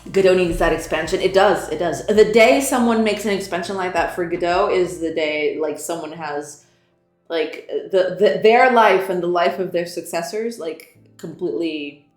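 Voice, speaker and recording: A woman's voice: fairly low pitch, normal speed. A young woman hosting a game development livestream, greeting viewers and chatting casually, laughing often and tripping over her words. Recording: roomy echo, faint background music.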